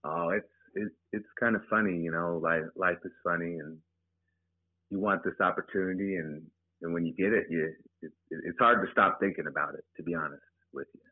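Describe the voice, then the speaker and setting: A man, a high school football head coach, talking plainly in an interview, often repeating words as he starts sentences. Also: fairly quick, no room sound. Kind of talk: casual interview. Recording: tinny phone line, dry.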